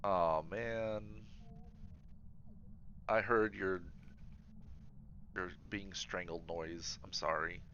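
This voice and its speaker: A man's voice: low-pitched, steady tone, extremely slow, pauses often, fairly bright tone, slight background noise. A man streaming a game, chatting casually and rambling with many fillers and restarts. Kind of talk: casual chat while gaming. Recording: slightly dull livestream audio.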